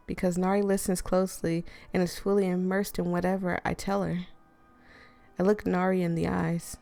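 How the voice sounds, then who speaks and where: A gaming streamer plays a horror visual novel, reading the narration aloud and breaking off into chatty, rambling asides. Her voice is on the low side, gravelly and warm.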